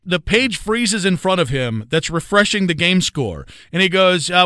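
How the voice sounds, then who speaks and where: Animated man with a bright crisp voice. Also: sits high, no room sound, studio quality. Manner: animated, quick storyteller. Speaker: guest, sports radio host. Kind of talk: casual interview chat.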